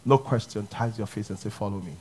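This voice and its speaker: A man preaching a sermon, shifting from loud exclamations to hushed, intimate speech. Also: lowish voice, a little fast, slight background noise. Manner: dramatic swings between shouting and hushed speech. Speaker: pastor.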